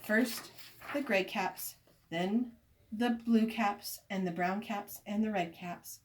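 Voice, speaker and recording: A woman reading a children's story aloud, expressive and inviting listeners to join in. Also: medium pitch, slow.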